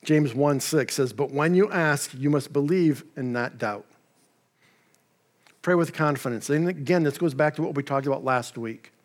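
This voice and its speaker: Conversational male pastor, fairly high voice. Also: moderate pace. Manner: conversational, with asides and paraphrased dialogue. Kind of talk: sermon.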